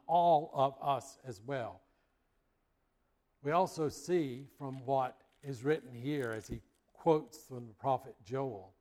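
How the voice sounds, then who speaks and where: A man preaching a sermon, earnest and unhurried, leaning on slow, emphatic phrases. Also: mid-range voice. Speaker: pastor.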